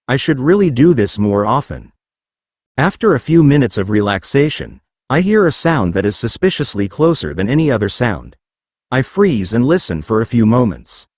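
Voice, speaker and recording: A man reads a fan-made story aloud in a casual first-person voice, sometimes reading out the punctuation itself. His pitch moves around a lot, and the sound is close and dry with no room. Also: no echo. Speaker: fan fiction reader.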